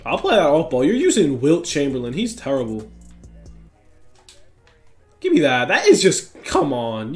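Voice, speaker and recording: A young man reacting loudly to every play as he commentates his basketball video game. He trash-talks his opponent and keeps cheering himself on. His voice sits a touch high, with a faint beat underneath. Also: wildly swooping pitch, a little slow, long pauses, soft background music. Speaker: gaming YouTuber.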